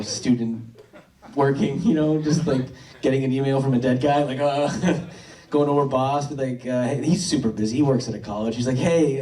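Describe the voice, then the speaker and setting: A man's voice: medium pitch, mellow, echoey room, distant mic. A man doing a stand-up comedy set, rambling and dry, with lots of stammered restarts. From Worcester, USA. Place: comedy club stage.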